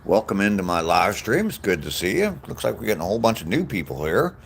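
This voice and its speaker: Deep-voiced guy in his 60s live streaming on a walk, talks loose with lots of ums, faint outdoor hum behind. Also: big pitch swings, quick pace, vocal fry. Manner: rambling, frequent ums, greets viewers by name. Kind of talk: casual live-stream chat reading comments. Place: outdoors on a walking trail.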